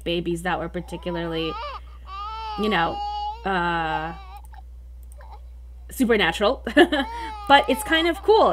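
A young woman hosting a let's play, giving casual game commentary, easily exasperated and dramatic, bursting into excitement. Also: mid-range voice, slight background noise.

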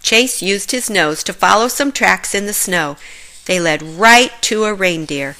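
A woman reading a children's picture book aloud, clear and expressive. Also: mid-range voice, a little slow. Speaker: storybook reader. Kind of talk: children's storybook read-aloud.

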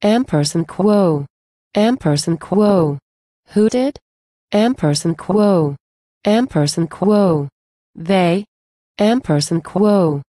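A woman recites narrative verse slowly, her voice low and mellow. The sound is dry and close, with no room around it. She reads stray symbols aloud as if they were words. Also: dry recording. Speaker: poetry reader. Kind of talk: scripted poetry recitation.

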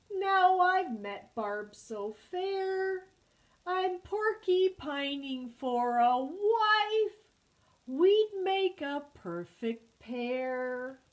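A woman voicing a lonely male porcupine in a storybook, crooning a slow sing-song tune. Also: mid-range voice, close to an everyday voice.

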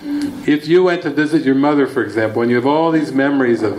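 A man gives a spiritual retreat talk, acting out little scenes with a laugh in his voice. His pitch sits at an ordinary middle for a man. A faint hum of room ambience sits under the voice. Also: fast talker, low-quality recording. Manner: animated storytelling, laughing often. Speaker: spiritual teacher. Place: retreat hall.

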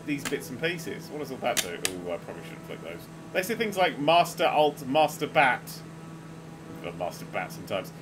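A man giving excitable, sweary, laughing running commentary while playing a game. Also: medium pitch, low-quality recording. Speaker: gaming video host. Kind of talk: casual let's-play commentary.

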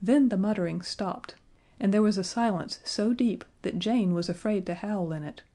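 A woman narrating a children's fantasy audiobook in a gentle, measured way. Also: medium pitch. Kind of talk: scripted storybook narration.

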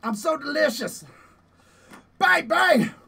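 A man streaming a horror game, yelling and playfully cursing at enemies, out of breath after push-ups. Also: extremely high pitch, lively intonation, slow, vocal fry. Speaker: gaming streamer. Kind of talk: live gameplay commentary.

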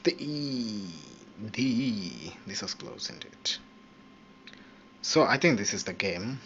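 A man giving casual commentary while he plays a pool game, reacting loudly and often swearing at what happens on screen. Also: mid-range voice, slow. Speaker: gaming channel host. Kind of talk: casual live gameplay commentary. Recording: dull lo-fi mic with steady background noise.

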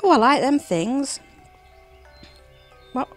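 A woman with a slightly high voice, talking slowly through her let's play. She chats, jokes and sometimes sings or whispers to herself while she plays. Quiet game music sits in the background. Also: lively intonation, poor audio. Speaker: gameplay commentator.

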